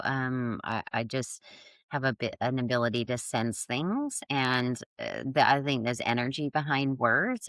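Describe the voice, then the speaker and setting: A woman's voice: extremely low pitch, fairly bright tone, dry recording. A middle-aged woman speaking as a podcast guest in casual conversation, reflective and searching, often restarting her sentences. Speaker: guest, yoga and somatic healing teacher.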